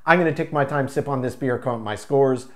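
A man's voice: mid-range voice, fairly quick. A man reviewing a craft beer in a casual, enthusiastic way, describing flavors in loving detail. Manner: enthusiastic, descriptive, savoring each word.

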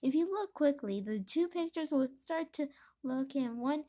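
A woman reading a comic book aloud, mouthing its sound effects in a hushed voice. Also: sits high, animated, normal speed. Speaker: reader.

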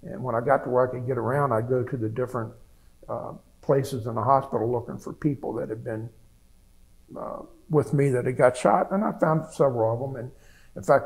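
This older American veteran has a gravelly, slightly mellow voice of medium pitch, heard on poor audio. As an interviewee giving an oral history, he describes his wartime past plainly, wandering and restarting many times.

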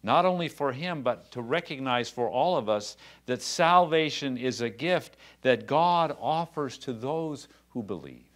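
A man's voice: medium pitch, lively intonation, measured pace, few pauses. A man preaching a sermon as pastor, talking conversationally and then building to passionate, rising emphasis. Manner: conversational asides with quiet drops.

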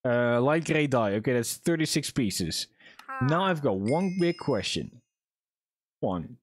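Lively, chatty young male streamer. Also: medium pitch, slow pace, a little hiss or hum. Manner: chatty, profane, jokey self-talk to viewers. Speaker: livestreamer. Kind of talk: casual gaming livestream chat.

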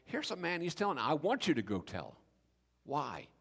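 A man preaching a sermon as pastor, telling the story with lively acted-out dialogue. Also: a little high, normal speed, gravelly, husky. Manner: animated storytelling, acting out biblical speakers in voice. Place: church sanctuary. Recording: reverberant church hall.

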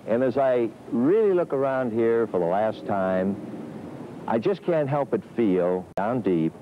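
An older man, a sports broadcaster, delivering a sentimental tribute narration with rhyming verse, his voice swooping from high exclamations down to low murmurs. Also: expressive, a little slow, dull audio, a little hiss or hum. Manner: reverent and sentimental.

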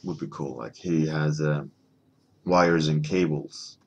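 Man, extremely low voice, husky, loose rambling chat while painting, lots of ums. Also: steady tone, slow pace, highs cut off. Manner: rambling, many fillers and restarts. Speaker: artist streaming a painting warmup.

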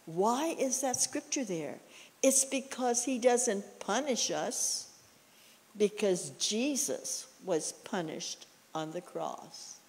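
A woman's voice: medium pitch, expressive, takes it slowly, darkish tone. Woman preaching in a reverberant church. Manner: folksy, frequent "you know" asides. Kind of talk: conversational sermon with personal stories.

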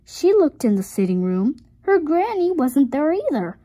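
A woman reading a picture book aloud to her viewers, with expressive storytelling and chatty asides. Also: sits high, moderate pace. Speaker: storybook reader.

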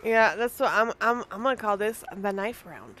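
A woman's voice: mid-range voice, normal speed, a bit bright, soft background music. A young woman giving casual, profane gameplay commentary, trash-talking opponents and laughing often. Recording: noisy game audio behind.

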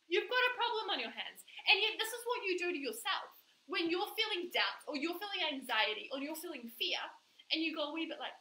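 A woman's voice: very high-pitched, sing-song, a little fast, sharp tone, reverberant, rough recording. A woman coach giving an emphatic live-streamed motivational talk, repeating words for stress. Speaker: manifestation coach.

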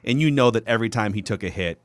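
A man's voice: on the low side, dry recording. Chatty male podcast host, dry mic. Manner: quick, rambling questions with many fillers. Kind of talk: casual podcast chat.

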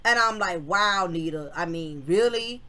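A woman's voice: fairly low pitch, measured pace, pushed and bright. Frank, slangy woman telling a story. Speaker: channel host telling a personal story. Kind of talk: casual storytelling vlog.

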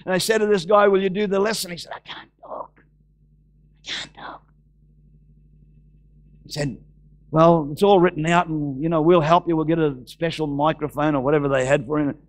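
An Australian man preaching from the pulpit in a church. He has a high-pitched voice and slows right down to stress and repeat Bible phrases. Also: fairly even intonation. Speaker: pastor. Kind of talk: sermon.

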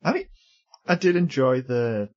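A man co-hosting a podcast in casual chat, chatty and quick to laugh. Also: mid-range voice, animated, dull audio. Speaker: podcast co-host.

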